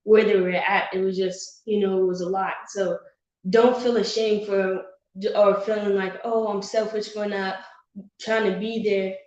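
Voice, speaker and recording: Gentle young woman, dull echoey sound. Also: medium pitch, little pitch movement, measured pace. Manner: gentle, reassuring advice. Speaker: co-host, daughter. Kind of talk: casual heart-to-heart discussion.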